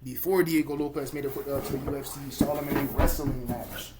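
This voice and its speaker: A man hosting a casual fight-sports podcast, excitable and joking, talking in loose slang. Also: mid-range voice, moderate pace, slight background noise. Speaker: podcast host. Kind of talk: casual chat.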